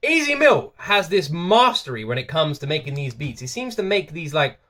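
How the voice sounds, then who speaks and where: A man's voice: a little high, sing-song, normal speed, a bit bright. A man from the UK hosting a reaction video, talking casually and enthusiastically to his viewers, often repeating himself. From United Kingdom.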